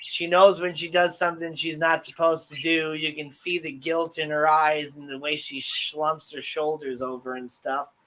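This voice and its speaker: Speaking at normal speed with hardly any pauses, a young livestream co-host rambles through relaxed stories, leaning on lots of fillers. His voice is on the high side.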